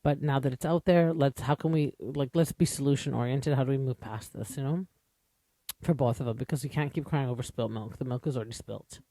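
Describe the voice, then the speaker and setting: Chatty man with a mellow voice. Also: mid-range voice, fairly quick, no room sound. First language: English. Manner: chatty, opinionated, lots of fillers and asides. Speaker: podcast host. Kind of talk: casual recap commentary.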